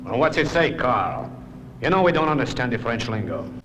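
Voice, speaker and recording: A man voicing a restless, impatient criminal henchman with rough, slangy speech in an old puppet series. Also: medium pitch, big pitch swings, moderate pace, close to an everyday voice. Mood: grumbling. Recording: old archive audio with clear hum.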